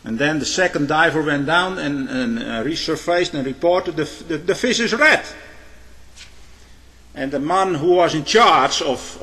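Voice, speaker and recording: Man, sermon, slightly high voice, halting, "eh?" tags, reverberant hall. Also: fairly bright tone. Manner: frequent "eh?" tag questions, halting restarts. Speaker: preacher. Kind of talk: sermon with illustrations.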